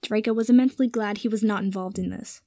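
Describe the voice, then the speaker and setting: Woman reading a story aloud, even pace, mellow voice. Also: mid-range voice, quick pace, no echo, studio quality. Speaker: narrator. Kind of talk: storybook narration.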